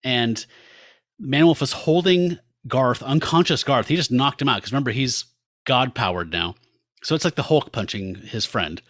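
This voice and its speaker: A man's voice: medium pitch, lively intonation, normal speed, fairly bright tone, dry recording. Chatty man on a dry mic. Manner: chatty, reads comic panels aloud with asides. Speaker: podcast co-host. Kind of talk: casual comic-book discussion.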